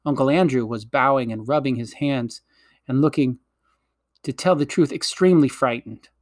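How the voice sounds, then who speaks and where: A man narrating a children's fantasy story in a gentle, measured storytelling manner. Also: mid-range voice, no echo, clean studio sound. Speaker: audiobook reader.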